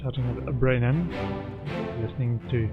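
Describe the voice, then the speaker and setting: A man's voice: mid-range voice, normal speed. Man puzzling over a mystery game aloud. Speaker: game streamer. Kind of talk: gameplay commentary. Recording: muffled lo-fi sound with faint game music.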